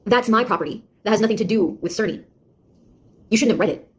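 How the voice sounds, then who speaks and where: A woman's voice: mid-range voice, fast talker, husky, lightly acted. An actress playing a sarcastic young woman, a beta tester who mocks and scolds a nosy AI in a one-sided audio drama. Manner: mocking, taunting, exasperated.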